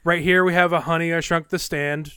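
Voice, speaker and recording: A man's voice: on the high side, steady tone, brisk, sharp tone, clear, resonant tone, no room sound, studio quality. A man co-hosting a casual anime podcast who rambles with lots of fillers and sounds amused as he talks. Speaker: podcast co-host. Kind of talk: casual anime discussion chat.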